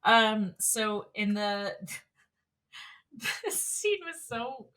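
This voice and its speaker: A woman's voice: medium pitch, animated, very slow, sharp tone. A woman co-hosting a podcast, speaking candidly and emphatically in casual chat about an anime episode, full of fillers and ready laughs. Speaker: podcast co-host.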